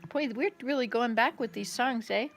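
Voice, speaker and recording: A woman's voice: on the high side, normal speed, faint music behind. A woman hosting a casual live stream from her home kitchen, chatting with viewers and answering their comments as they come in.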